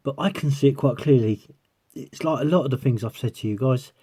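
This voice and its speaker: A man's voice: mid-range voice, a little fast, dark tone, breathy edge. A man vlogging as a coin collector, chatting casually to viewers and breaking into giggles as he rambles on. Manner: giggly, keeps breaking into laughter; rambling, talking while peering through a magnifier.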